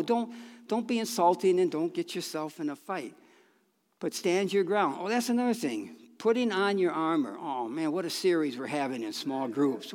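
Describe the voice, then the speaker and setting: A man preaching a sermon in a folksy, conversational way, with restarts and bursts of emphasis. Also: on the high side. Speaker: pastor. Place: church sanctuary. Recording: long reverb of a church hall.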